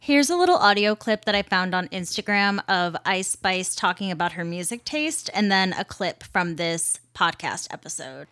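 A woman's voice: lowish voice, animated, moderate pace, few pauses, fairly bright tone, no echo. Indignant woman ranting, dry sound. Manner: indignant, blunt and sarcastic. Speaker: host. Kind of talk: ranting commentary.

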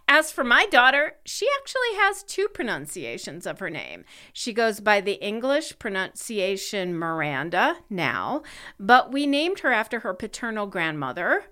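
A middle-aged woman from California co-hosting a podcast, reading her segments in a wry, brisk way. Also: medium pitch, bright, forceful tone. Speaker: podcast co-host. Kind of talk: scripted podcast chat.

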